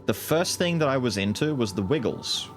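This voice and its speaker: A man in his thirties chats casually while streaming a game, swearing freely. His voice has a middling pitch but swings up and down a lot. Faint game music plays underneath. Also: lively intonation, moderate pace. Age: 30s. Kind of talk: casual gaming commentary.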